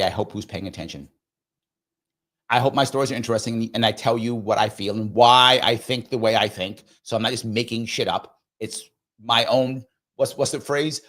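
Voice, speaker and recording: A man's voice: mid-range voice, fairly bright tone. A middle-aged man hosting a live discussion show, talking casually and earnestly to his audience and sometimes acting out quoted dialogue.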